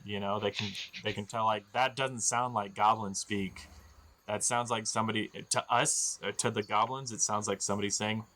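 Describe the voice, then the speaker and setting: A man narrating as game master of a tabletop game, jokey and quick to laugh. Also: steady tone, sharp tone. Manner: jokey, laughs often, squeaky voices for goblins.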